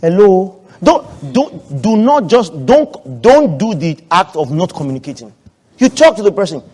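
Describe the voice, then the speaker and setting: Male pastor, high-pitched, preaching with amen calls, swings between quiet and shouting. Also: very animated, brisk. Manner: preaching loudly with call-and-response amens, swinging from soft to shouted; acts out quoted voices of husbands and wives. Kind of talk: sermon.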